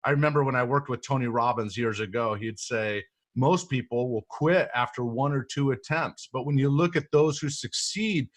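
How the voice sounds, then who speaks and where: A man's voice: mid-range voice, normal speed, few pauses. A man hosting a motivational interview, talking in an earnest, coaching way and often adding "right?". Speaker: host.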